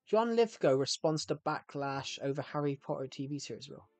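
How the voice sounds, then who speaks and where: A man's voice: a little high, lively intonation, a little fast, darkish tone, dry recording, faint music behind. A man streaming a game live, chatting to viewers in a rambling way and often cutting himself off mid-sentence. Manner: rambling, chatty, self-interrupting. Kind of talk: casual live-stream chat.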